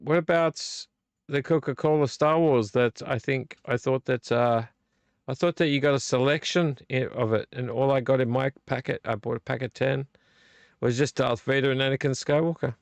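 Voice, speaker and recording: A man's voice: medium pitch, steady tone, moderate pace, no echo. A man hosting a late-night live vlog, a bit tipsy from beer, rambling and blunt and swearing freely. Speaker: livestream host.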